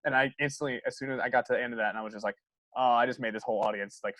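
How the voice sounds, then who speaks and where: A man's voice: medium pitch, fairly even intonation, rapid-fire, a bit bright, no room sound. A man, a guest comedian, telling a story in a casual, rambling way full of "like". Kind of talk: casual chat.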